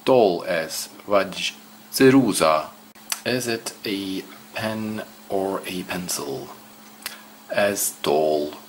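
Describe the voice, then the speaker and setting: Slow, low-voiced man. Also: slight background noise. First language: Swedish. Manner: hesitant, repeats words aloud slowly. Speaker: language learner. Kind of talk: casual self-study walkthrough.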